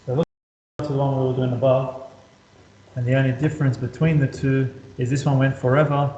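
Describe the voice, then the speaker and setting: A man's voice: medium pitch, little pitch movement, fairly quick, warm tone. Male maths tutor, casual and repetitive, slightly dull lo-fi recording. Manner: chatty, repetitive, talks students through steps. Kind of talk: casual whiteboard lesson. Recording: roomy echo, slightly dull lo-fi sound.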